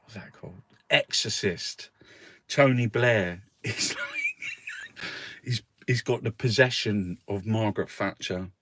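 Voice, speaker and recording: A man's voice: on the low side, a little slow, fairly bright tone, slight background noise. A man hosting a casual newspaper review, rambling and swearing freely, with frequent laughs. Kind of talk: casual chat.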